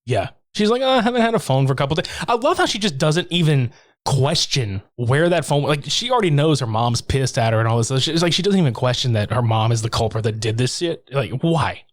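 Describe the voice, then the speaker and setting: A man co-hosting a podcast in casual chat, swearing freely and throwing in mock voices for the scenes he recaps. His voice sits at an ordinary pitch and sounds close and dry. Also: lively intonation, a little fast, dry recording. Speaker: podcast co-host.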